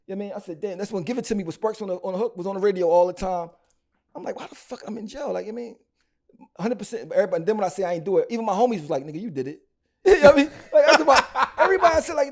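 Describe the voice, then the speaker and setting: A man from Philadelphia with a Philly accent, telling his story as a rapper guest in an interview in slangy, animated bursts full of restarts. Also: sits high.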